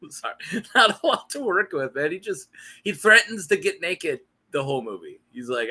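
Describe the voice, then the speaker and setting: A man's voice: a little high, sing-song, normal speed, pushed and bright, slightly rough. A young man hosting a casual, joking video chat, who laughs often and banters with himself. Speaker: YouTube host.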